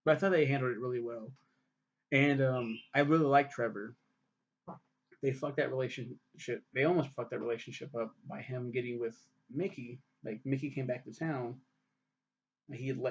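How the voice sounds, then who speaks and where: A man's voice: mid-range voice, fairly even intonation, normal speed. Profane rambling male TV reviewer. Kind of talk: casual spoken review. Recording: dull lo-fi recording.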